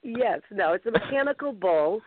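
A woman's voice: medium pitch, lively intonation, moderate pace, husky, no room sound. A woman hosting a casual call-in talk show, talking with eager enthusiasm. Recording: tinny phone line, dry.

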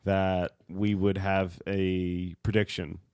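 A man co-hosting a podcast in casual chat, relaxed and chatty. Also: deep voice, slow pace, smooth, no echo, studio quality. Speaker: podcast co-host.

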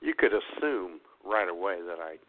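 A man co-hosting a radio talk show, chatting casually with quick, expressive reactions. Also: sits low, slight background noise. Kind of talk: casual chat. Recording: tinny phone-like sound.

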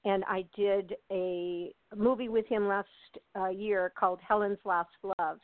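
A woman's voice: medium pitch, fairly even intonation, measured pace, no room sound. Older woman chatting over a phone line. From United States. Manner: chatty, laughs often, many fillers and restarts. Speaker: actress, interview guest. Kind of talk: casual interview chat. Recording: tinny dry phone line.

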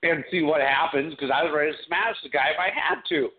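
A man co-hosting a talk radio show, telling a short anecdote in a relaxed, conversational way. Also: fairly high pitch, a little fast. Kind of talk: casual chat on talk radio. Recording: tinny phone line.

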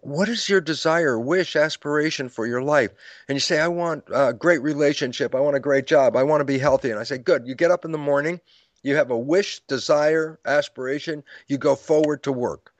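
A man's voice: fairly high pitch, normal speed, dry recording, highs cut off. Storytelling man with a raised voice. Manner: storytelling lecturer who acts out quoted dialogue; chuckles through his own points. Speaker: guest author. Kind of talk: interview explanation.

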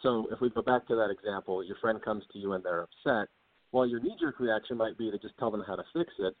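Low-voiced man over a phone line. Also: no room sound. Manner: earnest, quick to laugh, acts out example dialogue. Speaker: author and guest. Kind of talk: explanatory interview talk. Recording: dry, tinny phone-like line.

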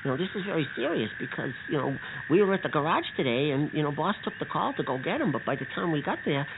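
A man voicing an earnest young bean hero who gets exasperated with his partner and keeps telling her to calm down. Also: on the high side, fast, vocal fry, voice pushed up. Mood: worried. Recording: tinny phone-like line with noise.

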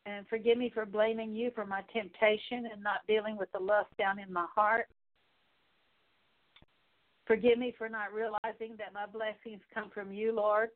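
Woman praying in a flat, tinny voice. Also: medium pitch. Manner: halting, repetitive pleading with pauses. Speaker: prayer leader. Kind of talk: spoken prayer of confession. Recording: tinny phone-like sound.

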